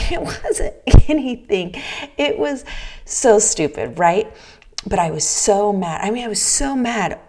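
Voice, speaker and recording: Middle-aged woman vlogging, slow easy pace, chatty and open, lots of restarts. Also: mid-range voice, expressive, darkish tone. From US Pacific Northwest. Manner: chatty and candid, frequent restarts and "right?" asides. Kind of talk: casual personal talk.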